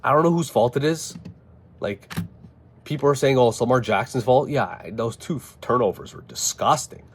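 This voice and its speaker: A man ranting casually about a football game, animated and exasperated, with frequent swearing. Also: mid-range voice, moderate pace, slight background noise. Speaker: football fan vlogger. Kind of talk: casual sports rant.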